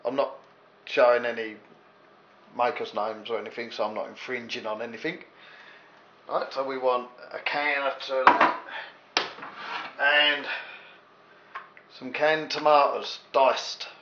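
Here the English home cook's voice sits at medium pitch, flat in delivery yet pushed and bright, with an unhurried pace and long pauses. His kitchen demo is casual and jokey, full of rambling asides to viewers, captured in echoey, dull lo-fi sound with a faint hiss.

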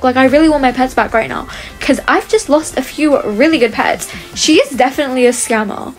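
A young woman with a high voice talks her viewers through a game, chatty and quick to sound fed up. She calls out to her audience as she plays. Faint music sits under her voice. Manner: exasperated, chatty, addresses viewers as guys. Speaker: gaming video creator.

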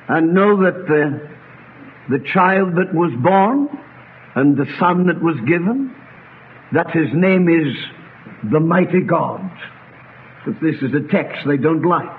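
A man preaching with a high, lively voice that leaps in pitch, slowing right down to linger on each phrase. It comes through a tinny, phone-like old recording with a faint hiss underneath. He swings from ringing cries to hushed, low asides to his congregation. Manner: impassioned preaching with wide swings between loud cries and low quiet asides. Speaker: pastor. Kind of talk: sermon. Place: church congregation. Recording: tinny lo-fi archive sermon recording with faint noise.

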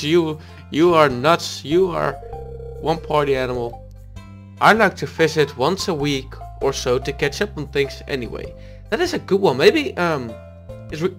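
Chatty man reading game dialogue aloud. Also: fairly high pitch. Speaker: let's play host. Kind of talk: casual gameplay commentary.

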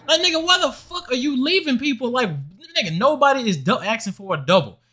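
A young gaming channel host rants angrily at the game and the referees in profane gameplay commentary. His voice is very high, animated, bright and forceful, and he talks a little fast.

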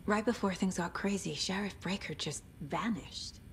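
An actress voicing a calm, analytical female FBI agent who reasons deliberately in a video game. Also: mid-range voice, slight background noise, natural voice.

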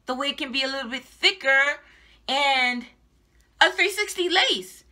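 A woman's voice: high-pitched, expressive, a little slow, pushed and bright. A young adult woman giving a casual, exasperated product review to her viewers, repeating herself and swearing. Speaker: hair reviewer vlogger.

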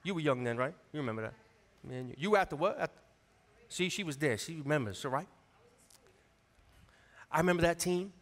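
A man in his forties preaches with a notably high, bright voice, telling stories and calling out to the congregation. His voice carries a long reverb that fills the church sanctuary around him. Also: animated, fairly quick, long pauses. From New York area. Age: 40s. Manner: conversational, storytelling, calls out to the congregation. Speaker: associate pastor. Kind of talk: sermon.

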